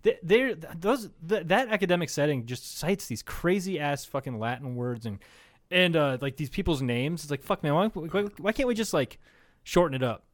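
A man's voice: on the high side, expressive, moderate pace, no echo, clean studio sound. A young man co-hosting a casual comedy podcast, rambling and swearing, laughing often and acting out quotes. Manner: rambling, profane, laughs a lot, acts out quotes. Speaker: podcast co-host.

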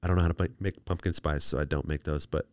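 A man's voice: very deep voice, steady tone, fast talker, darkish tone, clear, resonant tone, dry recording, clean studio sound. A young man hosting a solo podcast, chatting casually and rambling playfully with lots of restarts. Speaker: podcast host.

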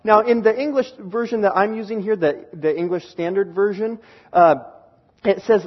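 High, husky-voiced male preacher. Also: moderate pace, dull audio. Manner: explanatory, stresses key words, reads verses aloud. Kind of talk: sermon teaching from scripture.

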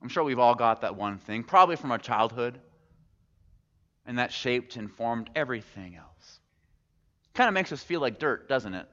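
A male pastor gives a sermon in a relaxed, conversational tone, asking the congregation question after question and dropping in plainspoken humor. His voice rings through a large reverberant church hall. The recording sounds muffled and a little dull. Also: mid-range voice, normal speed, long pauses.

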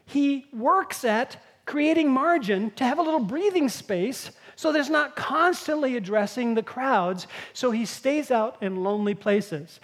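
A woman preaching a sermon, telling Bible stories in a lively way and acting out the quoted lines. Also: medium pitch.

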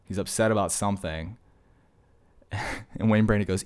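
A man with a low, deep voice talks straight to his viewers in a loose, wandering vlog. He jokes his way from one tangent to the next, like he's chatting with a friend. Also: fairly even intonation, normal speed, a little mellow, smooth. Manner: joking, digressive storytelling. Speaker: vlogger. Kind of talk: casual rambling monologue.

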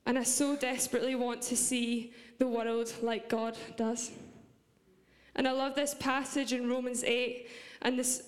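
A young woman with a Scottish accent speaks earnestly from a church stage, her voice sitting a little high. The sound rings with the long reverb of a large hall. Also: little pitch movement, unhurried. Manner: earnest and heartfelt, with light laughs. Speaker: preacher. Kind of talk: church sermon.

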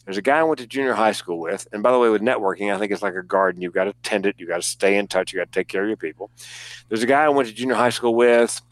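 A comedian telling an animated story in casual conversation, acting out the voices of the people in it and swearing freely. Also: male voice, fairly low pitch, rapid-fire, no echo. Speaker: guest comedian.

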